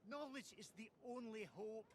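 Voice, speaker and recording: A man's voice: sits high, moderate pace, crowd noise, close to an everyday voice. An actor playing an eccentric man who preaches that science and knowledge alone will save the world, in a solemn, declamatory voice. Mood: preachy. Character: eccentric male street doomsayer preaching science. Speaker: game character. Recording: game audio with ambient noise.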